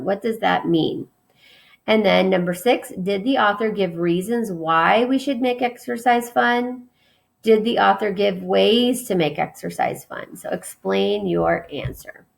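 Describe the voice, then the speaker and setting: Creaky-voiced woman teaching a class. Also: mid-range voice. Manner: reads example sentences aloud with emphasis. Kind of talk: remote classroom lesson.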